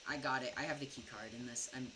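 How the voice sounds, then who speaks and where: A woman's voice: extremely low pitch, fairly even intonation, fast talker. A young American woman streaming a game while tipsy, rambling through a story in a casual, filler-heavy way. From United States. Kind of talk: casual gaming stream chat. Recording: distant mic with background noise.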